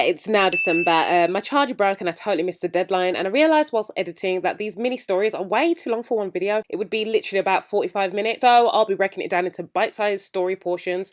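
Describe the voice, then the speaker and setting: A young woman vlogger telling a story to camera in a playful, chatty way, with sudden swoops up into a high voice. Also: fairly bright tone. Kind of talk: casual story-time chat to camera.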